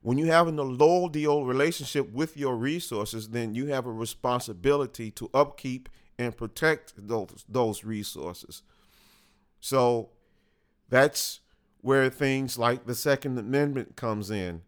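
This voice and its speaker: A man hosting a talk, speaking in a slow, deliberate unscripted monologue and pausing to correct himself along the way. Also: medium pitch. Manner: slow and deliberate, with restarts and small self-corrections. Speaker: host.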